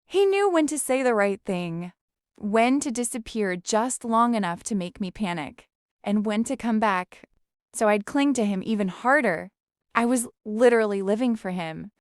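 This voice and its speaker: Smooth-voiced woman telling a confessional story. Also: mid-range voice, no echo, studio quality. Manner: emotional, confessional. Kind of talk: first-person story narration.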